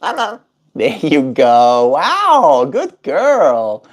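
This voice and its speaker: A man's voice: medium pitch, unhurried, a little mellow. A man livestreaming casually, chatting to his pet bird in sing-song baby talk and reading viewer chat aloud. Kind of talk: casual live stream chat.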